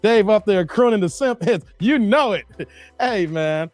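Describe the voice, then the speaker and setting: A man's voice: high voice, lively intonation, a little slow, darkish tone, no echo. A man in his forties hosting a casual livestream, chatting with viewers, laughing often and breaking into bits of song. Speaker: host reading live chat.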